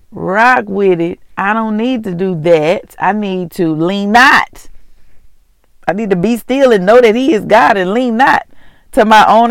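A faith vlog host speaks in a casual, chatty way, calling listeners y'all and laughing often. The voice is gravelly and sits in a middle pitch. The sound is dry and close. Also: no room sound. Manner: earnest and heartfelt, often moved to tears. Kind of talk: casual devotional talk.

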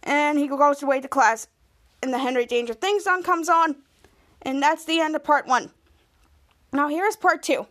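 Recounting a TV episode for her podcast, a woman speaks in a high, bright voice at normal speed with long pauses. She rambles, restarts sentences, strings together "and then" after "and then," and performs the quoted lines.

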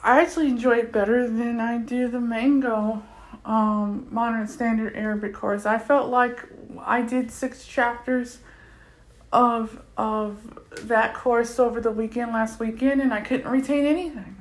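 A woman's voice: a little high, flat delivery, a little slow. A woman talking casually about a language course she enjoys, with plenty of fillers and restarts. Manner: chatty, many fillers and restarts. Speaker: language learner reviewing a course. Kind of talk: casual spoken review.

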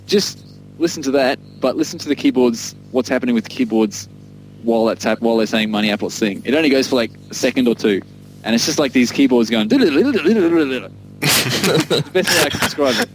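A man's voice: medium pitch, a little fast, rough recording. A man co-hosting a casual music podcast, rambling enthusiastically and laughing often. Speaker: podcast co-host discussing an album.

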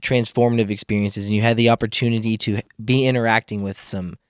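A man's voice: lowish voice, steady tone, fast talker, no room sound, clean studio sound. A man hosting an interview, giving brief replies and asking thoughtful follow-up questions. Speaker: host.

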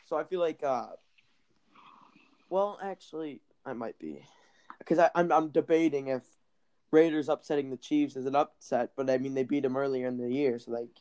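A man's voice: mid-range voice, moderate pace, darkish tone, clean tone. A young man co-hosting a casual sports podcast, laid-back and a little hesitant, often saying "I feel like". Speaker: podcast co-host.

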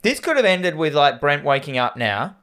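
A man's voice: on the high side, big pitch swings, normal speed, pushed and bright, clean tone. A man with an Australian accent, co-hosting a casual podcast and recapping a film in a rambling, sweary, jokey way. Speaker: podcast co-host.

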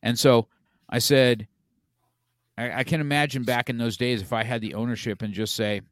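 A man's voice: mid-range voice, steady tone, normal speed, no echo, studio quality. An older man, a martial arts instructor hosting a casual podcast chat, talking in a blunt, reflective way with stammered restarts.

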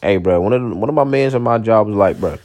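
A young man in a casual, profane monologue, rambling and blunt, swinging between loud outbursts and low mutters. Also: fast talker.

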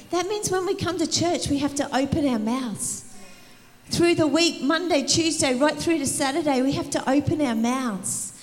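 A woman preaching an energetic sermon in a church, rallying the congregation and calling for responses. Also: high-pitched, big-room sound. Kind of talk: sermon to a church youth service. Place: church hall.

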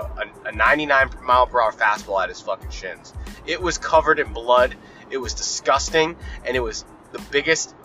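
A man's voice: a little high, pushed and bright. A man hosting a podcast, talking casually from his car in a blunt, profane, rambling way. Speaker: podcast host. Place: in a car while driving.

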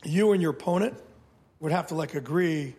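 A man in his fifties, a podcast guest telling stories in a blunt, animated way, often swearing. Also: fairly high pitch, moderate pace, breathy edge. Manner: blunt, profane, animated storyteller. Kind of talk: casual interview storytelling.

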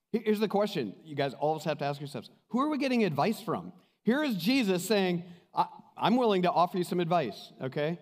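A man with a voice on the high side preaches a little fast. As pastor, he tells lively stories and acts out quoted voices, recorded in a hall full of reverb.

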